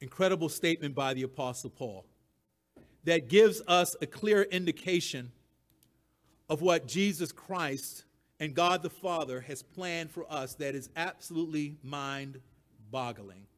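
A man's voice: a little high, unhurried. A man preaching a sermon, emphatic and given to repeating his key phrases, with the odd chuckle at his own points.

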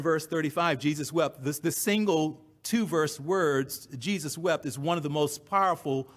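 A man's voice: high voice, a bit bright. A man preaching a sermon, repeating key phrases with emphasis. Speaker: pastor.

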